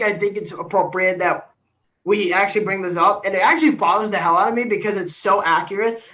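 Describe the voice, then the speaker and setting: A podcast co-host in casual chat, animated and playing at mock outrage. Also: medium pitch. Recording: distant, muffled mic.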